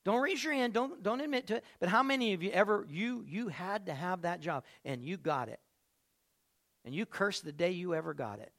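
A man preaching a lively sermon and calling out to listeners by name in a church. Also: sits high, fairly quick. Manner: animated, calls on listeners by name. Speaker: pastor.

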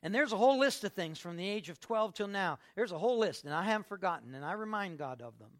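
A middle-aged pastor preaching a sermon, emphatic, swinging from quiet asides to loud outbursts. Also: male voice, high voice, lively intonation, fast.

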